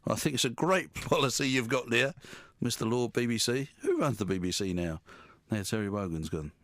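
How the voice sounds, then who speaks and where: A man's voice: mid-range voice, animated, brisk, fairly bright tone, no echo. A man presenting a radio show, bantering with guests in the studio in a rambling, teasing, self-mocking way. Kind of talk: jokey live studio banter.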